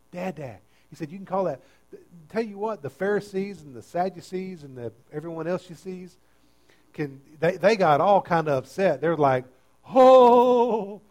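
A pastor preaching a sermon with great energy, swinging from quiet, tender lines to loud, emphatic ones. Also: male voice, on the high side. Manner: dynamic preaching, swinging between soft and loud.

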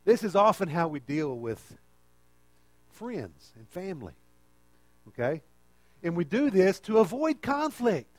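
A man's voice: high-pitched, very animated, a little slow, pauses often, no echo. A man preaching a conversational sermon and often checking in with the listeners.

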